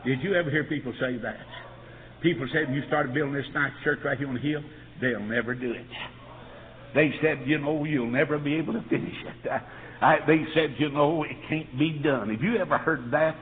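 A man preaching a revival sermon, building up to shouted peaks. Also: on the high side, fairly quick. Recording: tinny lo-fi old tape in a reverberant hall.

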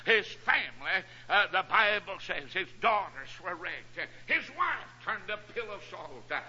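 A man preaching a fiery revival sermon, breaking his phrases with "uh" and climbing into shouts. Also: high voice, big pitch swings, measured pace, husky. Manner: punctuates phrases with "uh", rising to shouts. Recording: dull lo-fi radio broadcast.

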